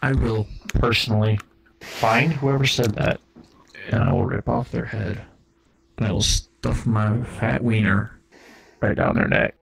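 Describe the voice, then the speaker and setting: A man's voice: on the low side, fairly even intonation, a little slow, creaky, rough recording. A man improvising a comedic role-play as God, rambling and profane, often cutting himself off mid-sentence. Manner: rambling, profane, self-interrupting. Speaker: streamer.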